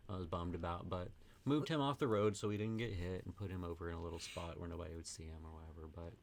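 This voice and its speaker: A man's voice: sits low, fairly even intonation, fast talker, a little hiss or hum. A man from Texas, a podcast host, casually telling a rambling anecdote packed with "like" and acted-out quotes. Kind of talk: casual storytelling chat.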